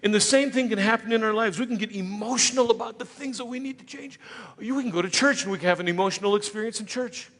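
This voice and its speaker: A man preaching a sermon as pastor, conversational, slipping into quick voices of imagined listeners. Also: sits high, fairly bright tone. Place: church sanctuary. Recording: church hall with long reverb.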